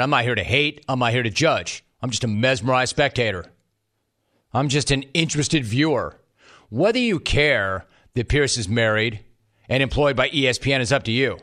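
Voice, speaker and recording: A man's voice: medium pitch, fairly bright tone. A man delivering scripted sports commentary in a wry, mocking way.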